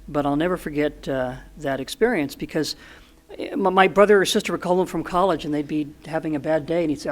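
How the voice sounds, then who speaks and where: A man in his sixties, a podcast guest, telling stories in an earnest, animated way with frequent restarts. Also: on the high side, quick pace. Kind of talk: storytelling in an interview.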